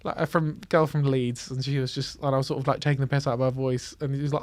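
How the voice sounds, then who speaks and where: A man's voice: medium pitch, level tone, fast, darkish tone, dry recording. A man co-hosting a podcast, chatty and reactive, laughing often in casual chat. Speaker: podcast co-host.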